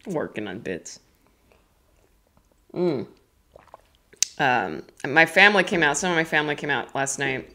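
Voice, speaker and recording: Comedian in her thirties, rambling and self-deprecating, giggly, lively swooping pitch. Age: 30s. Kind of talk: casual live-stream chat.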